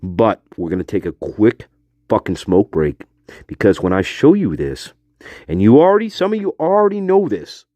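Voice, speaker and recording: A man's voice: fairly low pitch, big pitch swings, moderate pace, dark tone, no echo. Angry, profane man ranting on a livestream. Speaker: livestream host. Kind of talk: livestream rant. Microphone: phone.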